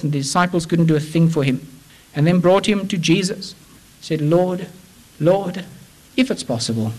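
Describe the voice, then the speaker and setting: A man preaching a sermon with passion, swinging between urgent raised pleas and low hushed words. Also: rough recording.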